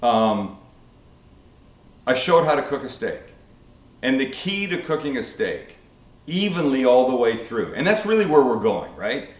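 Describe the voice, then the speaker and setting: This is a man from Canada hosting a casual live-stream cooking Q&A, chatty and animated with the odd curse thrown in. His middle-range voice rings around a roomy space. The recording has a dull, lo-fi sound. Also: mid-range voice, unhurried, long pauses. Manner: animated, swearing, chatty storytelling. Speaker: cooking show host.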